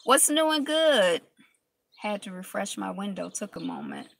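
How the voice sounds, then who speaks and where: Chatty woman with a cold, gravelly voice. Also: mid-range voice, huge pitch swings, measured pace. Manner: chatty, greets viewers by name, laughs often. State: has a cold. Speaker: live-stream host. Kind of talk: casual live-stream chat. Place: inside a car.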